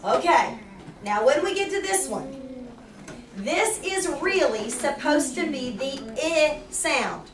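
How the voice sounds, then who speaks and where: A woman teaching a third grade spelling lesson, asking the class question after question and slowing down to explain each rule. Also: high-pitched, lively intonation, a crowd in the background. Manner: patient, questioning, slows down to explain. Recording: roomy, distant, noisy classroom recording.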